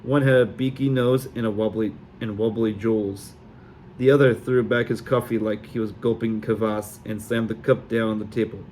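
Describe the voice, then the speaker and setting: A man narrating a novel aloud in a steady reading voice with occasional small slips. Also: on the low side, moderate pace, a little hiss or hum. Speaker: audiobook reader. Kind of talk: amateur audiobook narration.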